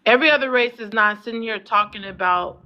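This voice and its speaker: A woman hosting a live online panel, moderating briskly and cutting in. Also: a little high. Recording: dull, lo-fi sound.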